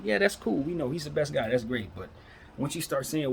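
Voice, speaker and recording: A man's voice: medium pitch, sing-song, fast, vocal fry, a little hiss or hum. A man in his thirties hosting a solo basketball talk show, giving casual, opinionated commentary full of rhetorical questions. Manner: repeats "that's how I'm looking at it" and "man".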